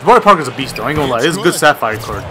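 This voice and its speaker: A young man commentating his own basketball video game, hyped up, shouting and half-singing at big plays. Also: mid-range voice, expressive, very fast, heavy background noise. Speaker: gaming YouTuber. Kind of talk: excited gameplay commentary. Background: background music.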